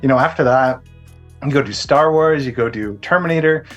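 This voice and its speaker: A man's voice: mid-range voice, a little fast, a bit bright, lo-fi sound, faint music behind. A man interviewing actors, asking long, chatty questions filled with fillers. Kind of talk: press junket interview.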